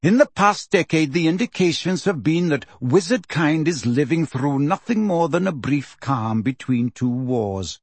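A man reading a calm, aloof male centaur teacher in a slow, measured voice for an audiobook. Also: a little high, dry recording. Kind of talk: audiobook character voice.

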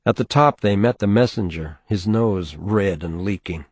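Low-voiced male audiobook narrator. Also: normal speed, slightly rough, no echo. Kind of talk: scripted narration.

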